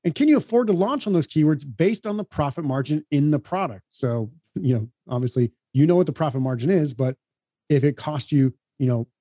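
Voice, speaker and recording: A man co-hosting a podcast, giving upbeat, brisk advice in casual explanatory talk. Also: a little high, expressive, mellow, dry recording, studio quality. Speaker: podcast co-host.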